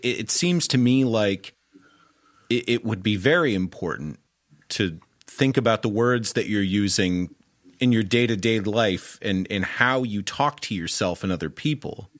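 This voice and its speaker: A man hosting a podcast interview who speaks haltingly, pausing often to search for words. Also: lowish voice, fairly bright tone, no echo, clean studio sound. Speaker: podcast host.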